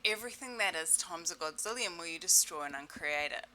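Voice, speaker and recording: A woman leading a self-help webinar in a playful, exclamatory way, repeating set clearing phrases. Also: on the low side, animated, a little fast, bright, forceful tone, a little hiss or hum, poor audio. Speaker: webinar facilitator.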